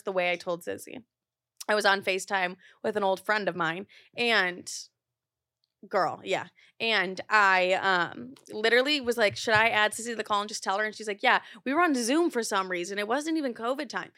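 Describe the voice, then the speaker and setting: A young woman hosting a podcast, telling stories in a rambling, profane, animated way as she chats casually into her microphone. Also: mid-range voice, fairly quick. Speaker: podcast host. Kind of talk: casual chat.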